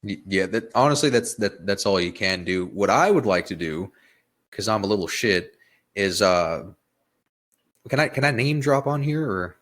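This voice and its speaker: A young man with a very low voice chats on a podcast. He tells stories in an animated, profane way. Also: normal speed. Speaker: podcast guest, Marine veteran. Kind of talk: casual podcast chat.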